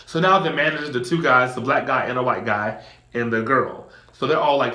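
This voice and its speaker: A young man spins a storytime tale in a loose, casual way. His voice sits in a middle pitch and jumps up into squeaky acted-out voices. The room around him rings with echo. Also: fast talker. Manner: animated, acts out voices in high squeals.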